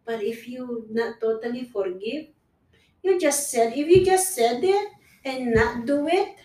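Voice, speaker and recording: Woman, earnest, repeats and restarts, slightly high voice, set back from the mic. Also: expressive, measured pace, a little mellow, echoey room, far from the mic, poor audio. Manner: earnest, repetitive, restarts phrases. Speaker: guest sharing personal story. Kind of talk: casual conversation.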